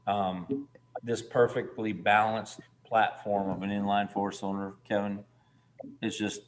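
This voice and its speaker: Man, 50s, low-voiced guest, rambling storyteller, swears freely, faint noise in the background. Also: little pitch movement, measured pace. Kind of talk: casual storytelling chat.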